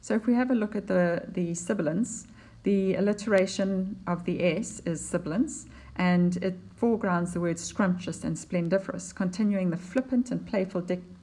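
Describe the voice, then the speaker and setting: Lady teacher going through a poem, slightly low voice, kinda slow, lots of ums. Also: dark tone. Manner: explanatory, unhurried, with fillers and restarts. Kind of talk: poetry lesson over slides.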